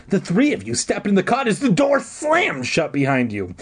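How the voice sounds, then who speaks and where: Husky man reading a spooky book aloud. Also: high voice, huge pitch swings, normal speed, few pauses. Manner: profane, joking, frequent throat clearing. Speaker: streamer reading a choose-your-own-adventure book. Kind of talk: casual read-aloud with crude asides.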